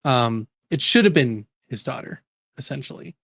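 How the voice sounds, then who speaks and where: Podcast co-host, man, mid voice, animated storyteller. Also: mid-range voice, moderate pace, creaky, no room sound, clean studio sound. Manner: animated storyteller, laughs while talking. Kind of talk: casual chat.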